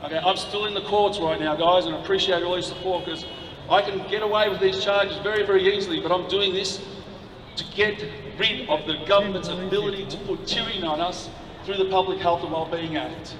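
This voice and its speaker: A man's voice: high voice, fairly even intonation, a little fast. A man giving an emotional, indignant speech to a crowd outdoors at night. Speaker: protest speaker. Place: city street at night, outdoors. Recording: echoey, distant street recording with noise.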